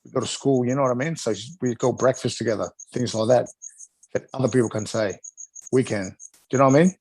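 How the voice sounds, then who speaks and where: Animated middle-aged man telling stories. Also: mid-range voice, fast talker, husky, no echo, low-quality recording. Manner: animated, laughs often, acts out other people's voices. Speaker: guest, retired wrestler. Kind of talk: casual storytelling interview.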